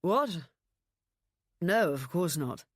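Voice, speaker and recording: A woman voicing a drunk, slurring young man with a loud, careless manner in an audiobook. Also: fairly low pitch, expressive, extremely slow, no room sound, clean studio sound, full character voice. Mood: drunk, boisterous. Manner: slurred, boisterous. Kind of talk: audiobook narration.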